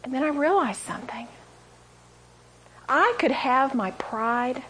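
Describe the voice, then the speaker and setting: A woman teaching a sermon, telling stories with animated delivery and dropping into near-whispers for emphasis. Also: sits high, slow, a little hiss or hum. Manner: animated storytelling, acting out quotes, dropping to a whisper. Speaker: Bible teacher. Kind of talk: sermon to a women's audience.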